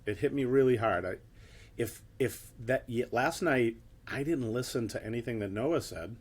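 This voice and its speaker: Husky middle-aged New man, blunt motivational speaker telling his own story. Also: medium pitch, moderate pace. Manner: blunt and swearing, with emphatic "right?" tags. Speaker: keynote speaker. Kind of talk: motivational talk with personal story.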